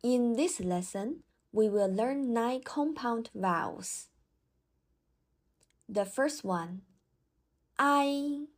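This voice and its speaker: A woman teaching Mandarin pronunciation in a slow, scripted lesson, with clear, drawn-out model sounds. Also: a little high, lively intonation, darkish tone.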